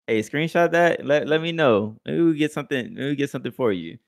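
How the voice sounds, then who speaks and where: A man's voice: mid-range voice, animated, fairly quick, creaky, no echo, studio quality. A young man co-hosting a podcast, brash and profane, talking about gaming. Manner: brash, profane trash talk. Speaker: podcast co-host and streamer. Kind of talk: casual gaming banter.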